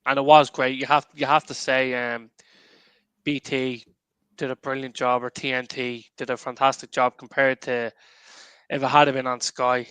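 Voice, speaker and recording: Bright, crisp-voiced man bantering. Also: mid-range voice, moderate pace, no room sound. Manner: lively, jokey banter. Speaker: podcast co-host. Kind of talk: casual chat.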